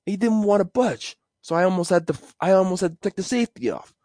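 A man voicing a brash, blunt male New York mobster with a gruff street manner and a put-on New York accent. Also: high-pitched, lively intonation, fast talker, a little mellow, no room sound, clean studio sound, voice pushed up. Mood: boastful.

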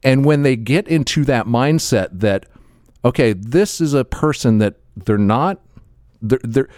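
Lively-voiced man, laughing podcast host. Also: mid-range voice, unhurried, no room sound, clean studio sound. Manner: laughs often, stammers and repeats words. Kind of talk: casual chat.

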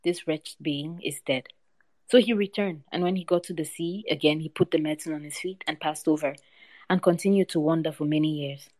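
A woman reads a folktale aloud in a low voice, steady and measured. The recording is dry and close-miked, with no echo. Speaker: storyteller.

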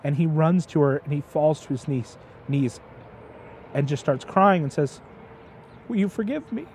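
A man's voice: fairly high pitch, moderate pace, a little mellow, slight background noise. A man chatting as his father's guest, retelling a story with passion and often stumbling over repeated words. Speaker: guest, host's son. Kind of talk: casual storytelling chat.

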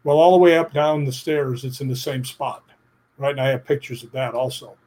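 A middle-aged man, a stunt performer, telling an animated story in a casual interview, often tagging his sentences with "right?". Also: medium pitch, fairly quick, slight background noise. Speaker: stuntman and actor, guest.

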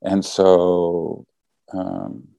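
A man's voice: low-pitched, little pitch movement, drawn-out words, gravelly, dark tone, dry recording. A man casually telling a story, acting out the quoted lines as he goes.

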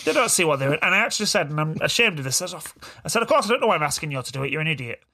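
A man's voice: fairly high pitch, animated, rapid-fire, pushed and bright. A middle-aged man, co-hosting a podcast, who chats bluntly, swears and tells stories about his kids. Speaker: podcast co-host. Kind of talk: casual banter.

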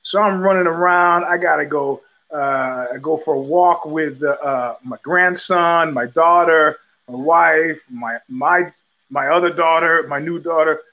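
High-voiced older man telling rambling stories. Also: unhurried, rough recording. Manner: rambling, many restarts and fillers, animated quoting. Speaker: podcast host. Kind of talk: casual storytelling monologue.

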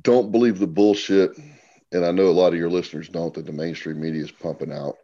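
A middle-aged man talking bluntly and profanely as a podcast guest, telling animated stories. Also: sits low, a little fast, dull audio. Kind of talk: casual podcast conversation.

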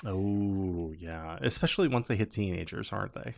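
Male podcast host, gravelly voice, jokey and rambling, fillers throughout. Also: on the low side, normal speed, a little mellow. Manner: joking, rambling with many fillers. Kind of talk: casual chat.

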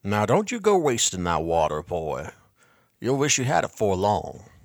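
A man's voice: lowish voice, wildly swooping pitch, unhurried, no echo, clean studio sound, heavily acted. A man voicing a mocking old male tonic peddler who bosses a boy around, with a nasty, phlegmy edge. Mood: gruff bossy. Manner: taunting, bossy, with a nasty phlegmy laugh.

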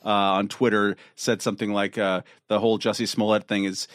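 A man co-hosting a podcast in casual panel discussion, halting with frequent fillers. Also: lowish voice, little pitch movement, no echo, studio quality. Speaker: podcast co-host.

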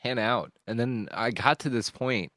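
A man hosting a podcast, talking candidly and emotionally about a hard stretch, rambling and swearing with frequent halting restarts. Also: medium pitch, fairly bright tone, dry recording, clean studio sound. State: emotional at times. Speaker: podcast host. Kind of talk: candid personal monologue.

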